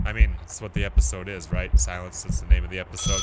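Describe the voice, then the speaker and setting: A man's voice: low-pitched, little pitch movement, quick pace, heavy background noise. A man giving casual let's-play commentary, joking crudely and reacting as he plays. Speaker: gameplay commentator.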